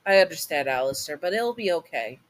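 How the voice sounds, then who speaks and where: A woman's voice: low voice, expressive, a little fast. A woman voicing a sweet young woman in a fan audio story, earnest and a little hesitant.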